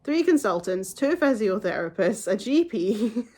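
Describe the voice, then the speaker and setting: A woman's voice: mid-range voice, sing-song, unhurried, darkish tone. Young female vlogger; casual, rambling storyteller straight to camera. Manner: chatty and rambling, with frequent "like" and restarts.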